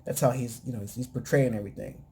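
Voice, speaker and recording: A man's voice: mid-range voice, steady tone, quick pace, gravelly, a little mellow. A man hosting a casual talk show, recapping episodes in a loose, rambling way full of fillers. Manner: mimics cast lines in quoted bits. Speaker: podcast host.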